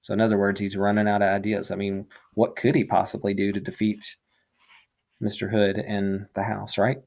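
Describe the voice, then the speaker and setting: A man's voice: fairly low pitch, monotone, moderate pace, creaky, a little mellow. Male teacher, casual read-aloud and explainer for kids, plain everyday voice. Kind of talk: reading a novel aloud to students.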